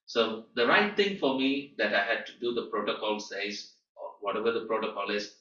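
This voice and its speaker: A man teaching through a personal story, animated, with emphatic rises and soft drops. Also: on the low side, normal speed. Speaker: guest teacher. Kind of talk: storytelling lecture. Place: teaching room at a training school. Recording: echoey room, far from mic, dull sound.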